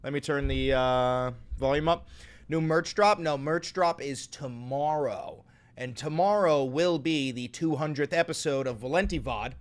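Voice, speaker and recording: A man's voice: fairly high pitch, unhurried, clean tone. Joking, swearing livestream host, man. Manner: loose and joking, swearing, talks to chat; swings from loud to quiet. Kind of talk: casual livestream chat. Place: home room. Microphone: studio microphone.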